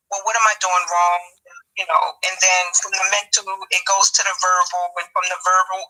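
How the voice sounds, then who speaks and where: A woman tells her own story candidly, stumbling and restarting as she goes. Her voice sits in a middle pitch and has a very bright, sharp edge. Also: rough recording. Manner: halting, candid, with restarts and casual speech. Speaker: support group participant. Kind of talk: personal testimony.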